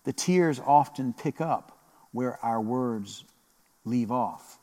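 Slow, reflective male preacher. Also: mid-range voice, darkish tone, big-room sound. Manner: slow, reflective, repetitive phrasing with pauses. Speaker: pastor. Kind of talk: sermon.

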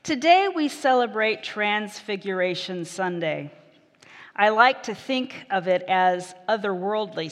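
Woman pastor, measured sermon, mid pitch, long church reverb. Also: a bit bright. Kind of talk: scripture reading and sermon.

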